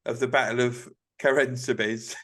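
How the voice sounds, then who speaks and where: A man's voice: medium pitch, level tone, normal speed, a bit bright. A young man co-hosting a casual podcast chat, swearing often and breaking into laughs as he reads aloud. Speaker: podcast co-host.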